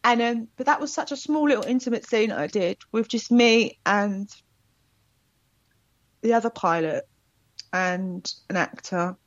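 Woman guest, chatty and animated, dry slightly muffled sound. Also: mid-range voice, measured pace, long pauses, dry recording. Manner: chatty, animated storytelling with laughs. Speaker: actor guest. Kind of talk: casual interview chat.

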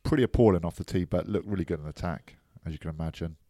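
Low-voiced man chatting about rugby. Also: quick pace, dark tone, dry recording, studio quality. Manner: jokey banter, chatty rugby analysis. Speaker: rugby podcast co-host. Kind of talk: casual chat.

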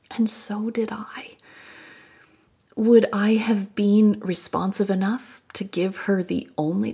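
A woman hosting a Christian podcast, telling a personal story in a soft, reflective way with breathy, whispered asides. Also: medium pitch. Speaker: podcast host.

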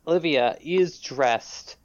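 Low-voiced woman narrating a game. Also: slow pace, a little mellow, a little hiss or hum. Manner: casual, giggly narration. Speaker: game master. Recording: dull lo-fi dry sound.

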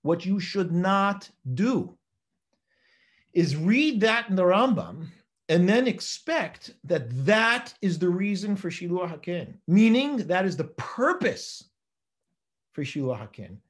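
A man's voice: high voice, measured pace. A rabbi teaching a Torah class, quoting Hebrew sources and pressing his points with rhetorical questions. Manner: animated, emphatic, rhetorical questions, quotes Hebrew texts. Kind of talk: Torah lecture.

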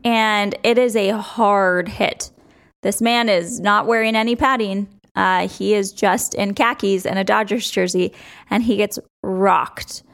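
A woman's voice: medium pitch, steady tone, unhurried, creaky, a bit bright. A young woman hosting a sports podcast, chatting casually with strong opinions and frequent laughs.

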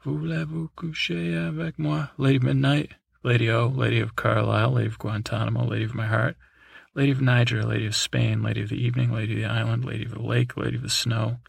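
A man's voice: medium pitch, flat delivery, fast talker, gravelly, breathy edge, no room sound. A man hosting a sleep podcast, reading through a long list in a drowsy way, with chuckles, asides and bits of song. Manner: breaks into snatches of song. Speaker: podcast host.

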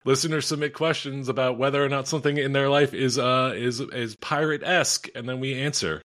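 Keep it easy and jokey, a guy hosting a podcast with friends, ordinary middle pitch. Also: fairly quick, a bit bright. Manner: loose, joking, laughs through asides. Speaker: podcast co-host. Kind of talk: casual podcast banter.

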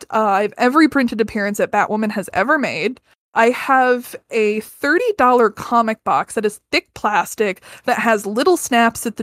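A woman's voice: mid-range voice, a bit bright, no room sound. Woman, 30s, podcast guest; candid, swears, lots of restarts; dry close sound. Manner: earnest and candid, swears freely, many restarts. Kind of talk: casual personal storytelling.

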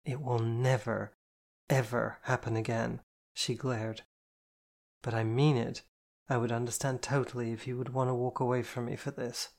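A man reading the part of a remorseful woman who speaks earnestly, apologizing in halting phrases. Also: mid-range voice, little pitch movement, creaky, a little mellow, lightly acted. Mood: earnest apology. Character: remorseful woman, a caring dominant partner. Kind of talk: audiobook character voice.

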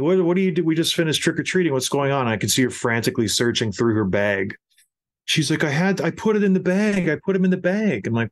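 Middle-aged male host, mid-pitched, animated casual storyteller. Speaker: podcast host. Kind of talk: casual chat.

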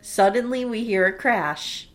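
A woman casually co-hosting a podcast, recapping a TV episode with animated storytelling and acted-out quotes. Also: fairly high pitch, measured pace. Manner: animated storytelling, acts out quotes, laughs often. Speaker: podcast co-host recapping a TV show. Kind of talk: casual chat.

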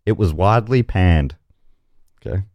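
Lively jokey male game show host. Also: low-pitched, unhurried, no echo, muffled recording. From Australia. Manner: jokey, chuckles mid-sentence. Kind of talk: comedy podcast banter, reading quiz options.

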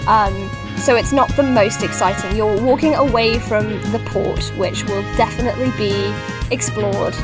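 A woman's voice: mid-range voice, normal speed. A woman narrating as game master of a tabletop game, rambling and hunting for words with lots of fillers. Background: music.

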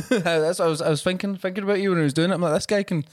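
Higher-voiced man, playful podcast co-host, laughing often, dry close sound. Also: steady tone, rapid-fire, no room sound, soft background music. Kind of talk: casual chat.

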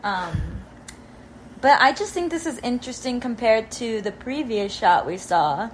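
A woman guesting on a casual comedy podcast, talking in a deadpan, playful way with frequent fillers. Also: on the high side, measured pace, a little hiss or hum, low-quality recording.

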